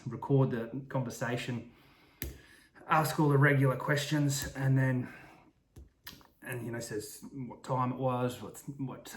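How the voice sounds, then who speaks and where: A man telling an improvised story in a casual, rambling way, full of restarts and asides. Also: medium pitch. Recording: roomy echo.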